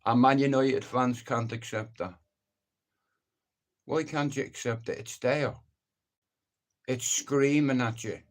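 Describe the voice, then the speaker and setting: A middle-aged man speaks at an ordinary, mid-range pitch, hosting a live stream. He rants in a blunt, opinionated way, swearing freely and rambling from one point to the next. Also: takes it slowly, pauses often. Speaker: livestream host. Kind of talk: casual live-stream rant.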